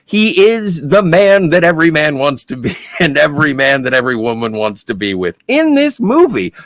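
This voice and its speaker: An enthusiastic man cuts into a film chat with eager fan opinions, his voice jumping up and down in lively swings. He sits a touch high for a man, and the recording is dry with no room sound. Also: moderate pace, dry recording. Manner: enthusiastic fan, excitable asides. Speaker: podcast co-host. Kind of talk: casual podcast chat.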